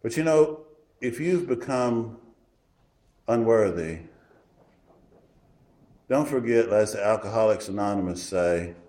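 A man preaching a sermon in a folksy, emphatic way, swinging from loud declarations to hushed asides. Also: fairly low pitch, takes it slowly, long pauses. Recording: roomy echo.

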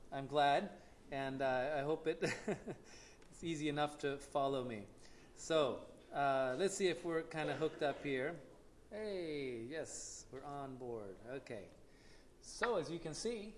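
Man with a slightly high voice, halting. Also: a little hiss or hum. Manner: relaxed, with frequent "uh" pauses. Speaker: missionary speaker. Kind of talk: casual church talk with a prayer.

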